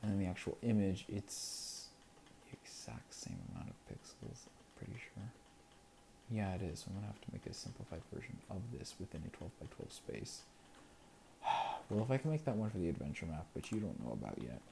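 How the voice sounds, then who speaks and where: Over gameplay, a creator mutters casually to themselves, counting under their breath, chuckling and now and then dropping to a whisper. The voice is low, gravelly and warm, a little fast with big swings in pitch, and there's a slight hiss or hum.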